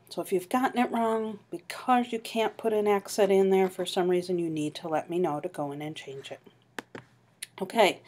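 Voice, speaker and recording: A woman's voice: lowish voice, a little mellow. A woman teaching a French class online, patiently explaining grammar and modeling pronunciation. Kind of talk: online class review lecture.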